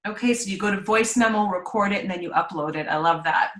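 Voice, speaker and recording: A woman's voice: medium pitch, fast, fairly bright tone, echoey room, poor audio. A woman hosting a casual live video chat, talking in a chatty, upbeat way with plenty of "like" and "you know.". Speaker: host.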